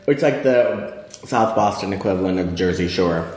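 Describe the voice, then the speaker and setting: A Midwestern man in his forties chats as an interview guest, wry and self-deprecating. His voice is lowish, and the room around him is echoey. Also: normal speed, a little mellow. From outside Chicago. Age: 40s. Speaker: magazine editor and guest. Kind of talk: casual interview chat.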